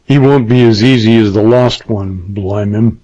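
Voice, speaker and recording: A man's voice: on the low side, a little slow, warm tone, dry recording. A resentful, cowardly innkeeper, as a male narrator puts him on, mangling his h's. Heard on a dry, dull lo-fi audiobook recording. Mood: aggrieved.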